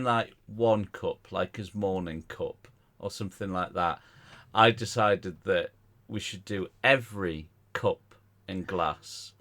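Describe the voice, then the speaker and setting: Low-voiced man telling a story. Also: fairly bright tone. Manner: chatty, stumbling, laughs through his stories. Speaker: podcast co-host. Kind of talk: casual storytelling.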